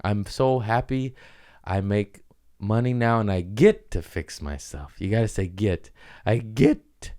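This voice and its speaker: A man hosting his own podcast in a casual, rambling comedic monologue, swearing freely and slipping into quick mock voices. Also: fairly low pitch, mellow, no room sound, studio quality. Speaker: podcast host.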